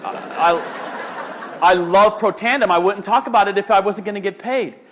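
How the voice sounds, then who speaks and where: Older male motivational speaker, high-pitched, animated and joking, with frequent restarts. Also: normal speed, slight background noise. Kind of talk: live motivational talk.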